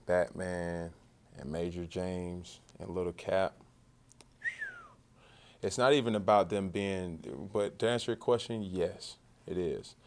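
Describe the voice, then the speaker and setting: A man's voice: sits low, darkish tone. A man, a football quarterback, answering questions at a press conference in a loose conversational way, often repeating and restarting words. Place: media session after practice.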